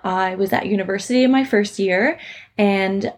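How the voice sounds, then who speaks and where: A woman's voice: mid-range voice, normal speed. A young woman from Canada hosting a podcast, telling personal stories in an earnest, chatty way with lots of "like" and "um". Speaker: podcast host. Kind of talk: personal storytelling chat.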